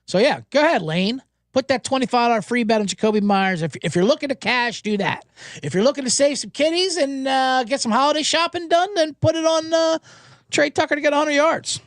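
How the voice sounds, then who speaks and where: A man hosting a sports betting show, talking casually and telling anecdotes with quick character voices. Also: very high-pitched, no echo, clean studio sound. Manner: animated storyteller, doing quick voices in anecdotes.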